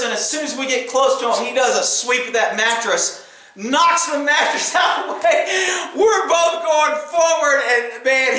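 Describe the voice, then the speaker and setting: High-pitched animated storytelling man. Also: very echoey, rough recording. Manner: animated, laughing often, acting out quotes loudly. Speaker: former police officer telling a story. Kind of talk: casual storytelling.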